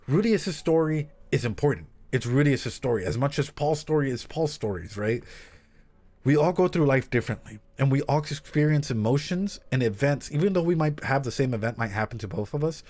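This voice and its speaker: Animated casual male therapist streamer. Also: medium pitch. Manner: animated, swears, talks straight to viewers. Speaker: therapist reacting to anime on stream. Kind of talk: casual streamed reaction chat.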